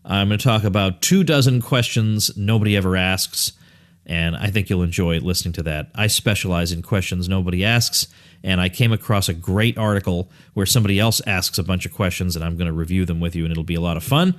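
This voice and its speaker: A podcast host with a deep, radio-style voice talks fairly quickly in a casual interview. He's chatty and laughs easily.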